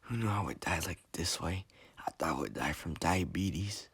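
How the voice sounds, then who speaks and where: A man doing a dying young man, whispered role-play, soft and breathy, gentle and forgiving, low and dry. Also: animated, normal speed, no echo, exaggerated voice. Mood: fading.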